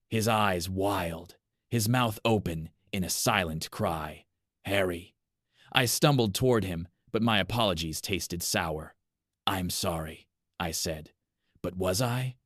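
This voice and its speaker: A man reads a horror story aloud in a very low voice, measured and deliberate. The recording is dry and close, with no room sound. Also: fairly bright tone, no room sound. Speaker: narrator. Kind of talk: scripted horror story narration.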